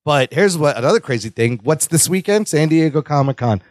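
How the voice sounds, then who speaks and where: Guy hosting a podcast, kinda high voice, super dry close mic, gets all worked up. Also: fairly quick, no room sound. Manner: excitable, swears casually. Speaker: podcast host. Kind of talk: casual podcast chat.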